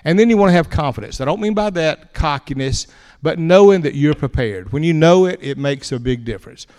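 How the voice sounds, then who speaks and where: Folksy preacher in a reverberant hall. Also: male voice, on the high side, fairly quick, smooth. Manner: folksy and animated, tells anecdotes with chuckles and repeated words. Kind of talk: folksy storytelling talk to an audience.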